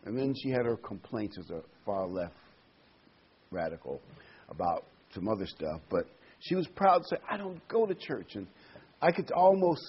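A man preaching a sermon, emphatic, stressing single words with sudden loud peaks. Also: medium pitch, breathy edge, highs cut off.

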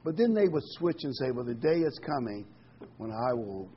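A man's voice: mid-range voice, big pitch swings, moderate pace, muffled recording, a little hiss or hum. A middle-aged man giving a casual sermon, reading scripture and musing aloud with frequent ums and restarts. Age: middle-aged or older. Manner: conversational, rambling, many ums and restarts. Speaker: preacher.

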